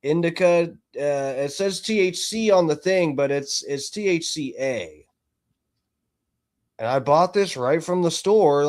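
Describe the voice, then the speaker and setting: A man hosting a podcast, talking loudly and excitably in casual chat, with frequent swearing. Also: fairly high pitch. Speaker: podcast host.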